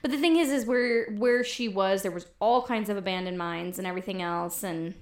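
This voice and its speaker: A woman co-hosting a casual podcast, chatty and quick to laugh, often trailing off mid-sentence. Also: mid-range voice. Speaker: podcast co-host. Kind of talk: casual chat.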